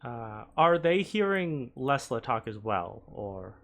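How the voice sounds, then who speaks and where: A man playing a tabletop game, speaking in a slow, deliberate way. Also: mid-range voice, very animated, gravelly, a bit bright. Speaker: player. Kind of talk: casual tabletop play.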